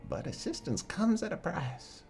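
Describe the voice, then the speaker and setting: A man voicing an old female voodoo wise woman with a croaky voice, speaking in a slow, measured cadence. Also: on the high side, wildly swooping pitch, loud music behind the voice, voice pushed up, full character voice. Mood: ominous.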